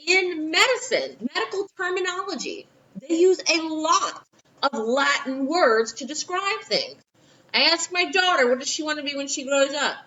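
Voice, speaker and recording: New Orleans teacher, bright voice. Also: female voice, high-pitched, lively intonation, moderate pace, far from the mic, highs cut off, a little hiss or hum. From Louisiana, USA. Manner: chatty, with asides and quoted voices. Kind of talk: recorded history lesson for a class.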